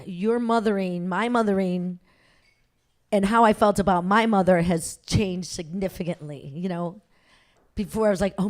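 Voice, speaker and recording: A woman's voice: medium pitch, darkish tone. A middle-aged woman telling a personal story on stage before a live audience, chatty and self-mocking, laughing as she goes.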